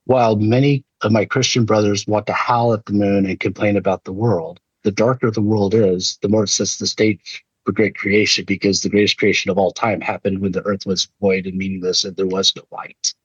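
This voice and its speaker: A man's voice: fairly low pitch, little pitch movement, a little fast, slightly rough, no echo. A middle-aged man telling a personal story in an earnest, preacher-like keynote talk. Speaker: leadership speaker. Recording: dull lo-fi dry recording.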